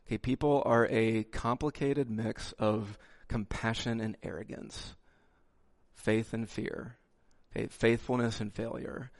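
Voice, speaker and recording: A male pastor preaching a sermon with lively delivery, dropping "okay" asides and acting out the quotes he reads. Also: medium pitch, measured pace, creaky.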